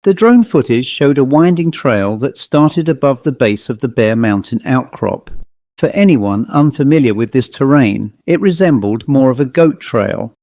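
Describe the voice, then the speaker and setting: Mellow male audiobook narrator. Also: mid-range voice, lively intonation, no room sound, highs cut off. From England. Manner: measured, reflective. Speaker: author and narrator.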